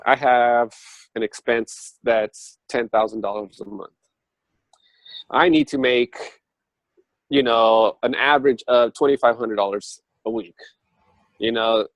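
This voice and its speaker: A man tells a spiritual story in a loose, conversational way, full of fillers and restarts. His pitch sits mid-range but leaps up when he grows heated. The sound is dry and close. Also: dry recording, rough recording. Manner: animated storytelling with sudden jumps up in pitch. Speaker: speaker on a spiritual talk show. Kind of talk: casual spiritual talk.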